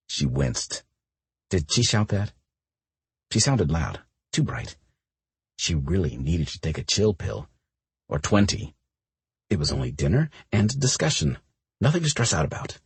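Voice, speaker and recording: A man narrating a romance audiobook with an expressive reading. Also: deep voice, measured pace, gravelly, pauses often, breathy edge, no room sound.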